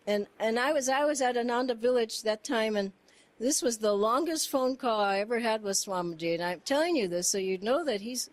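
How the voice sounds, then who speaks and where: A woman with a high voice gives a casual spiritual talk, speaking earnestly about her experiences. Her delivery is animated and heartfelt, and she laughs often and circles back over her own phrases as she tells her stories. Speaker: satsang speaker. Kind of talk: informal spiritual storytelling.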